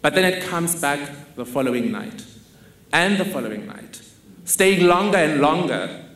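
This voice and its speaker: Slow, wry man in a roomy hall. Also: fairly high pitch, fairly bright tone. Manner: measured, wry, personal storytelling. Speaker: speaker. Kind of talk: storytelling talk on stage. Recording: roomy hall with faint ambience.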